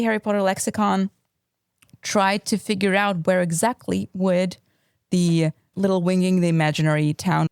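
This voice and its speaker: A woman's voice: fairly low pitch, darkish tone, clear, resonant tone, no room sound, studio quality. A woman co-hosting a podcast, analysing a book and sharing facts she has looked up. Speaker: podcast co-host. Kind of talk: casual book discussion.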